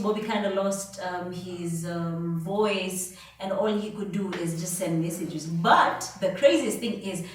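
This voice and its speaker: A woman hosts a podcast, telling a long story casually and chattily, complete with quoted dialogue. Her pitch is fairly low, and there's slight background noise. The mic is at a distance in an echoey room.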